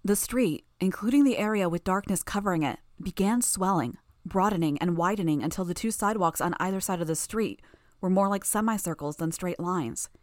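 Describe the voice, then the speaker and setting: Audiobook narrator: a woman, lowish voice, measured delivery, very dry close mic. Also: darkish tone, dry recording. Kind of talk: first-person audiobook narration.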